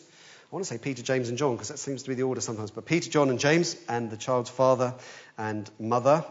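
A man preaching a sermon, telling the story with animation, swinging between urgent and hushed. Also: medium pitch, muffled recording.

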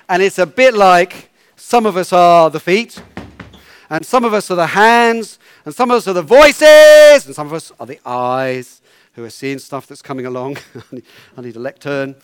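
A man's voice: high-pitched, clean tone, no echo. A man leading a children's talk in church, playful and coaxing, giving instructions.

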